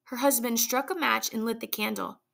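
Lady reading a story out loud, steady, kinda bright voice with some fry. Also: fairly high pitch. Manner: measured storytelling. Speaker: reader. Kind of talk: story read aloud.

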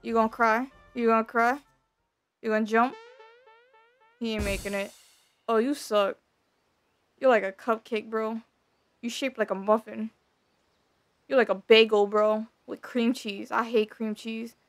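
A woman's voice: on the high side, steady tone, measured pace, long pauses. A young woman streaming a game, joking and teasing the characters in casual commentary. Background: game music.

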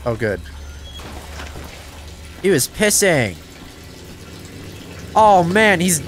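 A man giving casual let's-play commentary, excitable, talking to himself and swearing, with sudden yelps of surprise. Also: high voice, drawn-out words, long pauses, faint music behind. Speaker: gameplay commentator.

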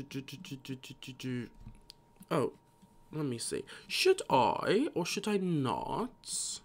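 A tired man streaming a game live, casually rambling and muttering to himself as he plays. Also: on the high side.

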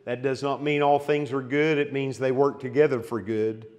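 A man's voice: mid-range voice, fairly even intonation, normal speed, darkish tone, long reverb tail. A man teaching an expository Bible lesson to a men's class, reading scripture aloud with building emphasis and checking in with questions. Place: church hall.

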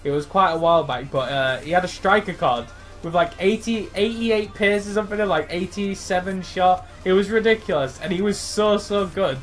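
A young man commentating live on his own football video game match. He is excitable, shouting encouragement and groaning at his players, with his voice jumping sharply higher when a chance comes. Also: moderate pace, faint music behind. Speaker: gaming YouTuber.

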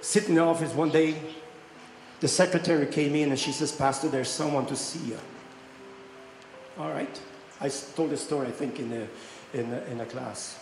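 A man preaching a sermon, telling stories in a lively way and rising to excited shouts. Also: on the high side, fairly quick, vocal fry. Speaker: pastor. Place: church hall. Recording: echoey hall with faint music.

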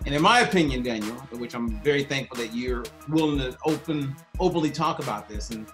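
A man's voice: medium pitch, expressive, a little fast, music in the background. A man hosting and moderating a conversation, giving long, rambling introductions in a friendly way. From United States. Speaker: host and moderator. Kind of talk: casual conversation.

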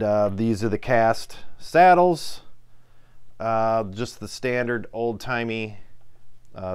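A man with a Midwestern American accent reviewing a guitar in a relaxed, chatty way, filling pauses with ums and uhs. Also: fairly low pitch, smooth. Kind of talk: casual product review.

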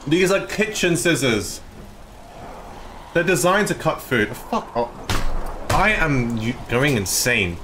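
Australian man, streamer, quite high voice, excitable, swearing, faint background hum. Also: slow pace, pauses often. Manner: excitable, swears often, argues playfully with chat. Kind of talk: live-stream chat with viewers.

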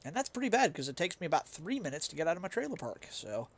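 A man's voice: on the high side, big pitch swings, fast. A young man streaming a game, chatting casually with his chat in a rambling, self-mocking way and laughing easily. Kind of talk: casual chat while gaming and reading chat.

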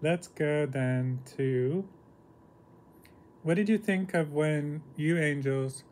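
A man talking in a halting, casual monologue, reading book passages aloud, often clearing his throat, and asking questions and answering them himself. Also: a little high, darkish tone, a little hiss or hum. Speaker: entertainer talking to his angels.

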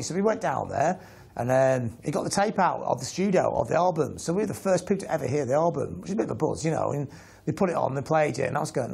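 A man telling a lively anecdote in an interview, casual, and acting out the lines he quotes. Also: a little high, quick pace, gravelly, breathy edge. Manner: acts out the quoted lines in an animated way; casual, swearing.

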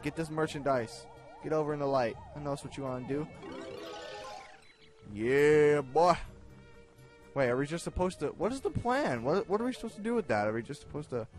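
Young man, lively swooping delivery, excitable gaming commentary, shouts at the game, self-mocking, faint game music behind. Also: a little high. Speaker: gaming video host. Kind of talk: let's play commentary.

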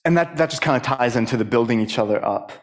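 Earnest young man giving a halting testimony. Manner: halting, many fillers and restarts; rises higher and more emphatic when stirred. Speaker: church speaker. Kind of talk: personal testimony sermon. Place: church.

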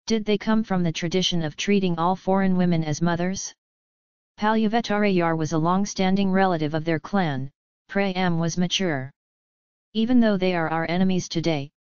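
A woman's voice: fairly low pitch, a little mellow, smooth, no echo, highs cut off, natural voice. A woman reading the part of a loyal older male king in an audiobook, earnest and pleading.

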